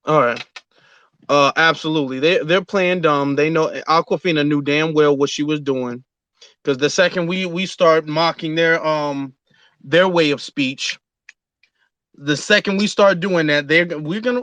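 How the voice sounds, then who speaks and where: A man co-hosting a live audio chat room in a fairly high, dry voice. He talks bluntly, agrees with the host and hands the floor to the next speaker. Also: moderate pace, a bit bright, dry recording, dull audio.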